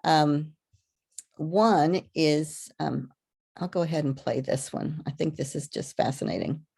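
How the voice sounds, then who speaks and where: A woman gives a live online lecture as a webinar presenter. She talks haltingly, with many ums and restarts, over a video call. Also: sits low, creaky, darkish tone, husky.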